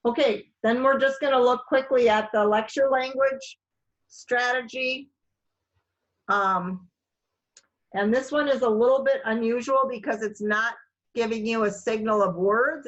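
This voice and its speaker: Woman teacher on a video call, kinda high voice, slow and careful, lots of ums and uhs. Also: fairly even intonation, muffled recording. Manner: slow, careful, many fillers. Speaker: ESOL teacher. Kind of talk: online class lecture.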